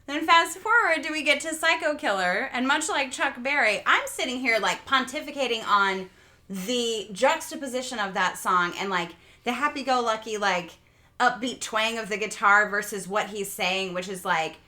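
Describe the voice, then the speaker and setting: A woman's voice: on the high side, moderate pace, pushed and bright. A woman co-hosting a podcast, telling stories with frequent laughs in casual chat. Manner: giggly storyteller, laughs often. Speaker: podcast co-host.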